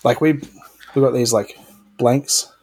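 A man's voice: medium pitch, slow, darkish tone, breathy edge. A man with a non-American accent, chatting casually as a podcast co-host, often stumbling and repeating words.

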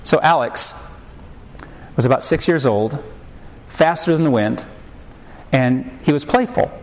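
A male pastor in his forties delivering a sermon in a lively storytelling way. He acts out the people in his stories and drives points home with emphatic rhetorical questions, in a voice of ordinary middle pitch. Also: a little slow, low-quality recording.

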